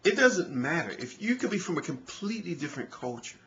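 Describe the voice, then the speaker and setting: A man's voice: fairly high pitch, big pitch swings, fairly quick, fairly bright tone, dull audio. A man vlogging in an earnest, conversational way, with frequent "you know" fillers. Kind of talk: casual talk to camera.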